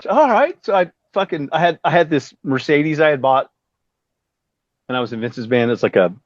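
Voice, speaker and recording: Animated man telling a story. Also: dry recording. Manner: animated, acts out quotes with big pitch jumps, swears often. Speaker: guest musician. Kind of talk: casual storytelling interview. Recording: dry, dull lo-fi audio.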